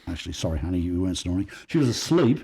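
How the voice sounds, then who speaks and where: Rapid-fire and deep, the voice of this Australian podcast guest is gravelly and husky. He shares personal stories in conversation, acting out the dialogue with animated energy.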